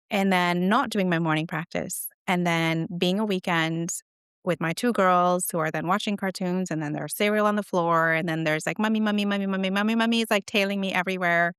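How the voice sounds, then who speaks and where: A woman's voice: lowish voice, a bit bright, clean tone, no echo, clean studio sound. A middle-aged woman, a guest author, telling stories in an earnest, reflective way during an interview. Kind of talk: conversational interview.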